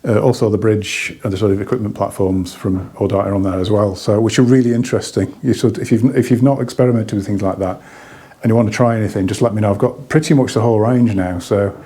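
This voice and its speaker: Chatty hi-fi dealer, husky and mellow, breathless, rambling. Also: male voice, lowish voice, steady tone, fast talker. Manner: rambling, chatty, many restarts. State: slightly out of breath. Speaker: hi-fi dealer reviewing products. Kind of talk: casual product review.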